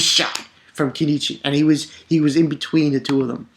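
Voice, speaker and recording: A man casually reviewing a comic chapter, rambling with restarts and bursting into excited, profane outbursts. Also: a little high, a little fast. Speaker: manga reviewer.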